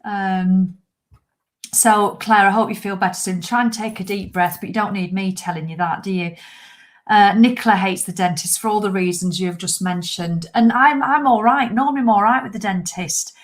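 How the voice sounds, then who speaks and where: Woman in her 50s rambling on a live chat, swears a lot, medium pitch. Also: normal speed. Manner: chatty, rambling, swears for laughs. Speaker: livestream host. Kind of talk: casual live chat to viewers.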